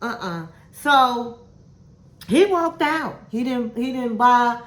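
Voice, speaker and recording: A woman with a somewhat high voice recaps a reality show in casual, candid commentary. She is sassy and opinionated, tossing out "honey" and "girl" as she talks. Her voice rings in a roomy, echoey space. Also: takes it slowly. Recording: roomy echo.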